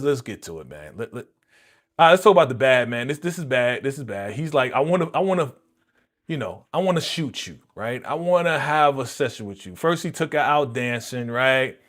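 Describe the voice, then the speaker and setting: A man hosting a live movie reaction stream, talking in a slangy, animated way and exclaiming his disapproval, often repeating himself and speaking straight to his viewers. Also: medium pitch. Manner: slangy, addresses viewers directly. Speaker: reaction channel host.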